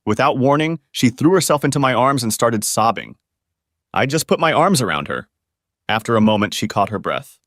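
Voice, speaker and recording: A man's voice: medium pitch, very animated, normal speed, fairly bright tone, no echo, clean studio sound. A man narrating a first-person relationship story, speaking in an earnest, confrontational storytelling manner.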